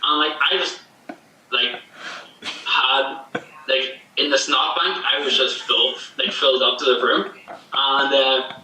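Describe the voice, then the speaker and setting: Northern Irish man, bright and echoey. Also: mid-range voice, steady tone, slow pace, long pauses. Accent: Northern Irish, slightly Canadian-tinged. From Northern Ireland. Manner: rambling storyteller, many fillers. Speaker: podcast guest. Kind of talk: casual chat. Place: home in Canada. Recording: echoey distant remote call with faint noise.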